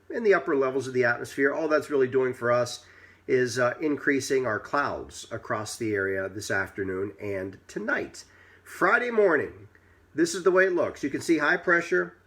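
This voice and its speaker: Chatty male weather presenter. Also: mid-range voice. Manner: relaxed and folksy, prone to small asides. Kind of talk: casual, chatty weather forecast with a read sponsor spot.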